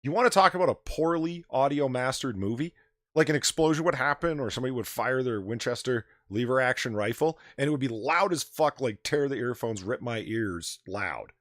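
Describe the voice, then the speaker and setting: A man's voice: medium pitch, brisk, no room sound, clean studio sound. A man hosting a casual livestream chat, ranting animatedly and swearing freely into his desk microphone. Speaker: podcast host.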